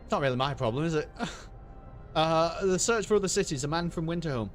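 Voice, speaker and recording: Laughing along as he plays, a British streamer offers casual, sweary, wry commentary on his game. He talks fast and animatedly in a fairly high pitch, with faint music in the background.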